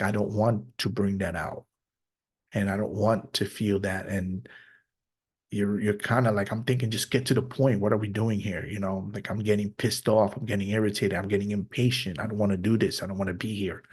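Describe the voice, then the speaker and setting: A man hosting a podcast, speaking openly and reflectively in a personal monologue, sometimes halting and restarting his sentences. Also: lowish voice, a little mellow, slightly rough. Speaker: podcast host.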